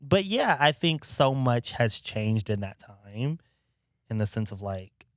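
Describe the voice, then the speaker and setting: A man's voice: medium pitch, big pitch swings, slow pace, no echo, studio quality. A man hosting a podcast in casual chat, talking expressively, laughing often and acting out quotes. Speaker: podcast host.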